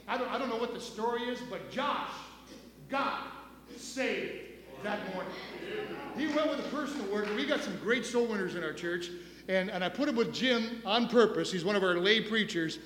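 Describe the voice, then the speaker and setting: A man with a high voice preaches with passion, repeating himself and restarting phrases as he builds. His sermon rings out through a church sanctuary with a long, echoing tail. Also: a bit bright. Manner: impassioned preaching with repetitions and restarts. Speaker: pastor.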